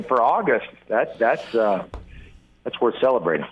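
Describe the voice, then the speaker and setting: A male football analyst calling in over a tinny, narrow phone line, speaking at a middle pitch. He works through his points with hesitant restarts and fillers. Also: big pitch swings, noisy background. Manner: thoughtful, halting, many restarts. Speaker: national college football analyst, guest. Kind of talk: phone-in interview.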